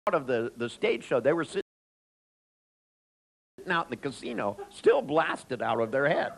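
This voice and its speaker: A man telling an anecdote in a chatty, animated way with frequent restarts. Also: mid-range voice, gravelly, poor audio. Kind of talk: anecdotal storytelling talk.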